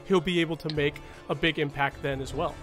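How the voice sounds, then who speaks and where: A man's voice: on the high side, fairly even intonation, brisk, fairly bright tone, faint music behind. A man casting an esports tournament, enthusiastic and rambling, often cutting in to add a point. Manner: enthusiastic, rambling, self-interrupting. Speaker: esports caster.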